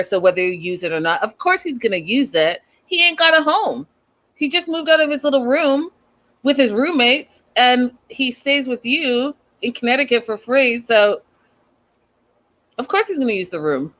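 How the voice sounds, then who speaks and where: A woman hosting a casual recap, talking in an animated, sassy, slangy way. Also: a little high, moderate pace. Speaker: host.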